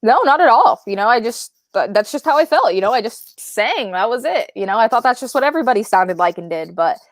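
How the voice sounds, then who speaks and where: A woman's voice: fairly high pitch, animated, brisk, no echo. A young woman talking as a guest in a casual interview, chatty and often asking "right?" to check in.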